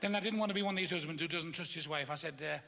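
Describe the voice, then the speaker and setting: A man telling a stand-up joke in a dry, deadpan way with swearing. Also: a little high, racing, vocal fry. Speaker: stand-up comedian. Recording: long hall reverb from off mic.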